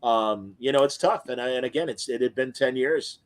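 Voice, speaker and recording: A man in a relaxed show chat who tells stories with energy. His voice sits at an average pitch. He swears casually as he goes. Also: normal speed. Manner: animated storyteller, swears casually. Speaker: podcast host.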